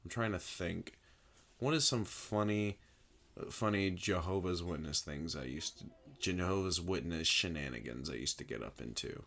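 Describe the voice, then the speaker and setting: A man's voice: deep voice, normal speed, gravelly, a bit bright. A young man co-hosting a casual podcast, blunt and crude, swearing freely. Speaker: podcast co-host. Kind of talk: casual chat.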